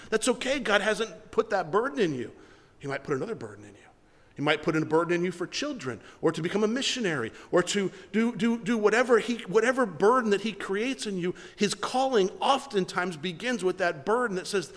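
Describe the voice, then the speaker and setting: A male pastor preaching a sermon, emphatic and repeating his words, slowing down to read scripture. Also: high voice, lively intonation, a bit bright. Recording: long hall reverb.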